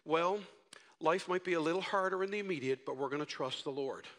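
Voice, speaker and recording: A man voicing his calm, steady wife, speaking in a low-key, even tone. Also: fairly quick, in a large hall, natural voice.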